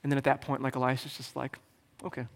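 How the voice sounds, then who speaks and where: A man's voice: medium pitch, monotone, very fast, gravelly. A male pastor preaching a sermon in a casual, joking, conversational way. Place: church sanctuary. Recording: long hall reverb.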